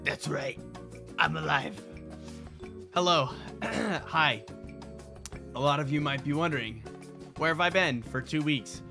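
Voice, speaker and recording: A young man hosting a casual storytime video, joking and swearing as he retells an argument, recovering from a cold and clearing his throat. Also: fairly high pitch, takes it slowly, long pauses, music in the background. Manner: profane, joking, animated retelling with quoted dialogue. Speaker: host.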